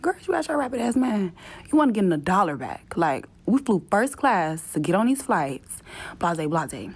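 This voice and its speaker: A woman's voice: medium pitch, very animated, husky. A woman telling a travel story as a casual, exasperated rant, cursing freely and mimicking the people she dealt with. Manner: profane, exasperated, mimics others in quick asides.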